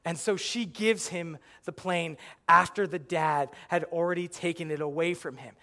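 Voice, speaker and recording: Casting: young male stand-up comic, high bright voice, animated storyteller. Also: normal speed. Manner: animated storytelling, acts out yelling at the screen. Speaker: stand-up comedian. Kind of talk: stand-up comedy routine.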